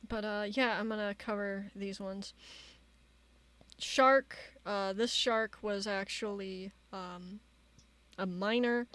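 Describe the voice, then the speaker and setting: A woman streamer giving casual commentary, reading out chat logs in a halting way with many fillers. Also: mid-range voice, no echo. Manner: halting, many fillers, reads quotes flatly.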